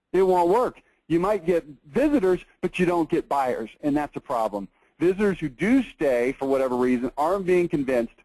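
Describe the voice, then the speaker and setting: A man giving a lively marketing seminar lecture, emphatic and animated, often checking in with "okay?". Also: fairly high pitch, no room sound, low-quality recording.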